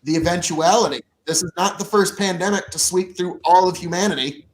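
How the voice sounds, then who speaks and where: A man co-hosting a casual podcast, talking in an animated, jokey way in quick bursts. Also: sits high. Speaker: podcast co-host.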